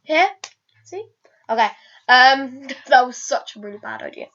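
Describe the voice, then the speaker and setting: A woman's voice: high voice, expressive, unhurried, a bit bright, a little hiss or hum. A woman vlogging in a casual, rambling way, hesitating and restarting sentences with lots of fillers. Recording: dull lo-fi recording.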